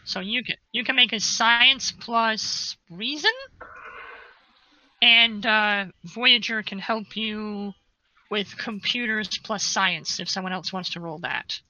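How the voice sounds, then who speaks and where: Bright-voiced woman game master. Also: medium pitch, slow, a little hiss or hum, low-quality recording. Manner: casual, with fillers. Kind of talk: narrating a tabletop game.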